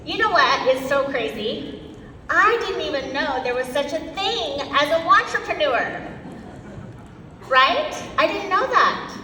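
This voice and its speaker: A woman giving an energetic motivational talk at a sales event, quizzing the audience and acting out her own past self. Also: high-pitched, takes it slowly. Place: large event hall. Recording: echoey hall from far off, faint noise.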